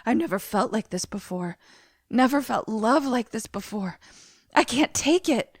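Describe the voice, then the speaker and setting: A woman's voice: on the high side, lively intonation, measured pace, no echo, clean studio sound. A woman voicing a whiny, weepy grown man who sobs over his feelings. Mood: sobbing. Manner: sobbing, overwrought.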